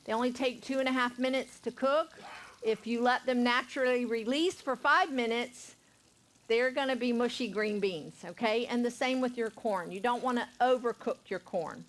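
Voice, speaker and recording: A woman's voice: fairly high pitch, moderate pace. A middle-aged woman from Georgia with a Southern accent, chatting folksily while demonstrating recipes in a cooking class. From Savannah, Georgia, USA. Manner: chatty, folksy, checks in with "okay?".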